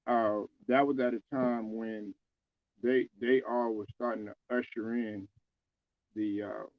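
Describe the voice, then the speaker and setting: A man's voice: mid-range voice, level tone, unhurried, dry recording, narrow, tinny audio. A man talking casually about basketball, loose and conversational, with many fillers and restarts. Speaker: sports commentator. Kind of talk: casual basketball opinion talk.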